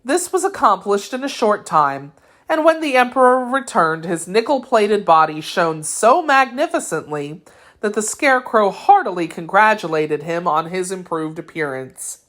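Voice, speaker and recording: A woman narrating a classic children's storybook with clear, expressive reading. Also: medium pitch, normal speed. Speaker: audiobook narrator.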